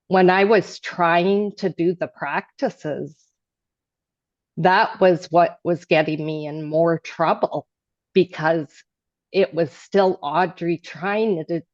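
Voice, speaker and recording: Woman rambling slowly through a story, restarts a lot, muffled dull sound, dead dry room. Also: on the low side, no room sound. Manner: rambling, self-interrupting, swings to loud animated bursts. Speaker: group participant. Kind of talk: casual sharing in an online group.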